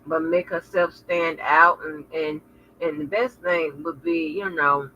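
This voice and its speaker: Woman vlogger, blunt and profane, bright sharp voice, dull lo-fi sound. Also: sits low, steady tone, a little slow. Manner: frank, profane, chatty storytelling. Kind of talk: casual chat to viewers. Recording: lo-fi with faint noise.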